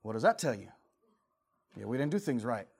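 A man in his forties preaching a fervent sermon, swinging from quiet, low passages to loud, high-pitched shouting, acting out prayers and inner voices. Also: big pitch swings, fairly quick, creaky, slightly rough. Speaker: pastor.

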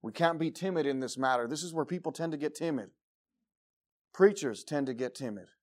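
Preacher guy, kinda high voice, goes from booming to quiet, shouts out the crowd parts. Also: expressive, brisk. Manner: swings between loud exclamations and quiet low asides; acts out the crowd in short shouted bursts. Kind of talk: sermon.

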